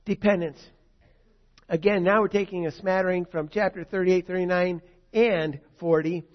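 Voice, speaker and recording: A man with a slightly high voice preaches in a relaxed, conversational way, with fillers and prayers spoken as if they were his own. The recording is dull and lo-fi. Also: normal speed. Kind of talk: sermon. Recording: dull lo-fi sound.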